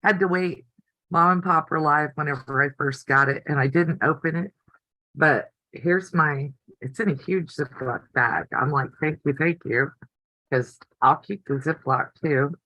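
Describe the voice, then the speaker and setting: A woman's voice: low voice, measured pace, pushed and bright, dry recording, poor audio. An older woman hosting a casual live stream from her home craft room, chatty and easily delighted. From United States. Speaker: quilting channel host.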